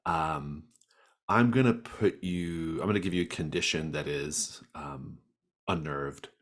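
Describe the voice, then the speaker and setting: Brief: male game master, very deep voice, easygoing and halting. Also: a bit bright. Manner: casual, halting. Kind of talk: running a tabletop game.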